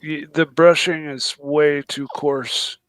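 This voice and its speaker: A man's voice: a little high, little pitch movement, takes it slowly, fairly bright tone, dry recording. A man chatting and joking on a casual livestream. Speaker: livestream guest. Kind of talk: casual chat.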